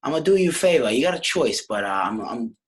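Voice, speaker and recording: A man's voice: medium pitch, very animated, quick pace, slightly rough, pitched above the performer's own voice. A man voicing a fussy, doting mother who bargains with her son over dinner and dessert. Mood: coaxing. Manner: coaxing, bargaining.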